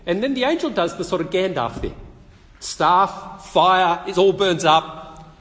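A man preaching a sermon, telling the story lively and acting out the quotes. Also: high-pitched, unhurried, big-room sound.

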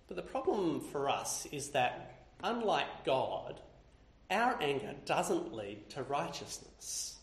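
Animated man preaching. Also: mid-range voice. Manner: expressive, building lists with rising intensity. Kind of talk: sermon. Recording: roomy echo.

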